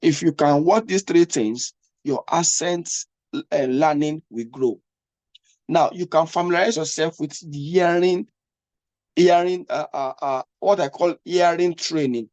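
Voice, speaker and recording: A man's voice: on the high side, a little slow, a little mellow, dry recording. Man coaching, with repeated restarts. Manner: repetitive, stumbling restarts; asks listener to follow along. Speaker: English test coach. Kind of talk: spoken lesson.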